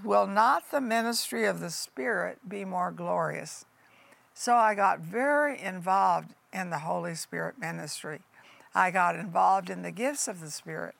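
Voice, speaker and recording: Gravelly older woman preaching slowly. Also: mid-range voice, fairly bright tone, no echo. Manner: folksy, emphatic, addresses listeners as honey and folks. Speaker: pastor. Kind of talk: sermon testimony.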